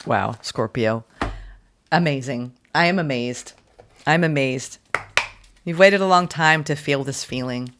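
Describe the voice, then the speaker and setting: A woman's voice: low voice, a little slow, background noise. A woman giving a casual tarot reading. She is emotional and effusive, exclaiming and repeating phrases as she reads card text aloud. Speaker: tarot reader.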